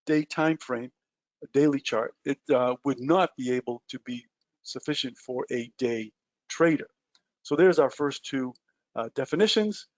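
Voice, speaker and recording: A man's voice: mid-range voice, no echo. A man walks through trading basics on a webinar whiteboard, talking loosely with plenty of ums and uhs. He cracks small jokes at his own expense as he goes. The audio is dull and lo-fi, with a dry, close sound. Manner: loose and chatty, many ums and uhs, self-mocking jokes.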